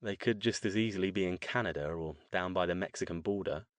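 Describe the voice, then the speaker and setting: A male narrator voicing a grim, dry-witted scholar-sorcerer who speaks in a measured, wry way. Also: deep voice, dry recording, natural voice.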